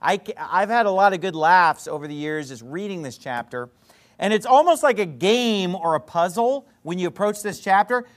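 A man preaching a sermon, telling stories emphatically and swinging between loud outbursts and quiet asides. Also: high-pitched.

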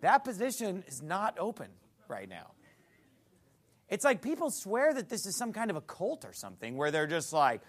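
A man's voice: high-pitched, wildly swooping pitch, moderate pace, slight background noise. A male pastor preaching a sermon in a church, blunt and mocking.

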